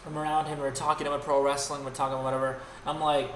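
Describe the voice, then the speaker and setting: A man hosts his own livestream, talking fast with few pauses in a mid-range voice that barely moves in pitch. His unscripted rant is profane and exasperated, and he often restarts his sentences. The recording is roomy, with faint background noise.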